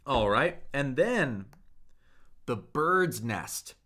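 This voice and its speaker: Animated man teaching Mandarin live. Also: mid-range voice. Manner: slow, drawn-out modeling of words for repetition; chatty, reads viewer comments aloud. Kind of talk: livestreamed language lesson.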